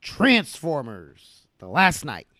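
Teasing man with a high voice. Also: huge pitch swings, bright, forceful tone. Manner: teasing, quick to mock. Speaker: podcast co-host. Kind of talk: casual film-review banter.

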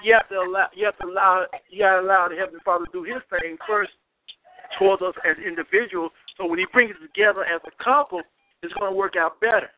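A man's voice: sits high, quick pace. Earnest man on a tinny phone line. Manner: earnest, repeats himself while searching for words. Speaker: guest speaker. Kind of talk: casual faith-based chat.

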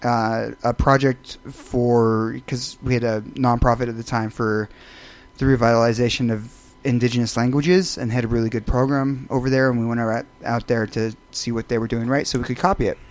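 A man with a middle-pitched voice rambles through an anecdote in a casual podcast chat. He speaks hesitantly, full of ums and restarts. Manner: rambling, hesitant, with many fillers. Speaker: guest.

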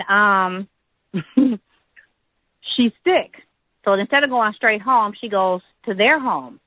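Middle-aged lady on a phone call, lowish voice, chatty and halting, lots of ums, tinny dry line. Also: dry recording. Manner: chatty, halting storytelling with many fillers. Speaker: caller. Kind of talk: call-in story.

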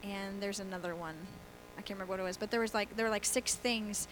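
A woman's voice: mid-range voice, fairly even intonation, quick pace, fairly bright tone, a little hiss or hum, poor audio. A woman pastor giving a conversational sermon, asking the congregation questions and laughing easily. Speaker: guest pastor.

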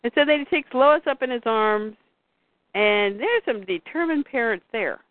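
A woman's voice: fairly high pitch, expressive, normal speed, no room sound. A woman co-hosting a casual chat, retelling comic scenes and reading the dialogue aloud. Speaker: comics podcast co-host. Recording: tinny phone-like line, dry.

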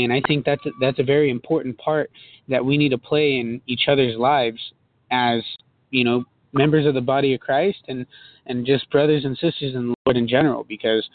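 A man's voice: medium pitch, steady tone, brisk, no echo. A man in a Bible study group. He talks in an earnest, reflective way that builds to firm statements. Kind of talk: casual reflective talk. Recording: tinny phone line with faint noise.

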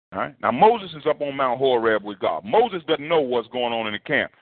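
A man preaching a sermon, in a lively conversational style that repeats and restarts phrases. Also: mid-range voice, normal speed, few pauses, no echo. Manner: animated, repetitive, conversational preaching. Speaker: pastor. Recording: tinny phone-like sound.

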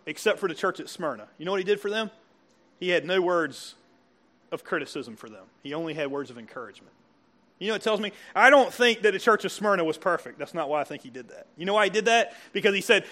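A man's voice: high voice, animated, fast, pushed and bright. A pastor preaching a sermon to a church congregation, conversational and full of questions to his listeners. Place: church service before a congregation.

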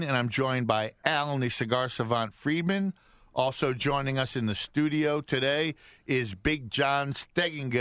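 A man's voice: mid-range voice, a bit bright, no echo. A man hosting a radio talk show in a studio, teasing his co-hosts. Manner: playful, teasing host. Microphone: studio mic.

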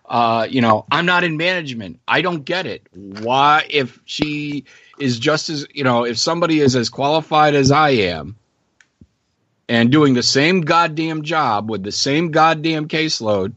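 Casting: man, podcast co-host, blunt, curses, halting fillers, dry dull mic. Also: on the high side, expressive, pushed and bright, dry recording. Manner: blunt, swearing, trailing fillers. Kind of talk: casual podcast chat.

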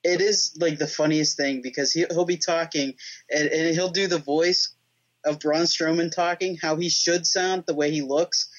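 A man co-hosting a casual podcast, telling stories excitedly, with restarts and laughter. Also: on the high side, moderate pace. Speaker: podcast co-host. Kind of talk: casual chat. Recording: dull lo-fi sound.

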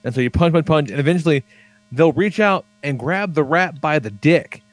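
A man's voice: on the high side, moderate pace, no echo, soft background music. A man chatting casually on a podcast, swearing freely and rambling with lots of fillers as he tells stories. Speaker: podcast co-host.

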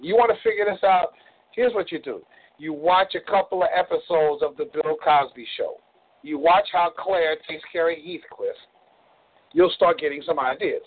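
A man coaches over a phone line, blunt and folksy, swearing to drive points home. His voice sits a little high. The sound is thin and tinny, like a phone call. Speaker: relationship coach leading a call.

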